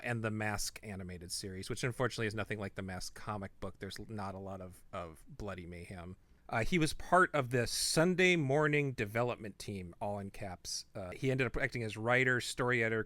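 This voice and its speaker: Podcast guy, low-ish bright voice, dry close mic, rambles off topic a lot. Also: dry recording. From not from the Midwest. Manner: chatty, rambling, trails off into asides. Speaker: podcast co-host. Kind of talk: casual chat.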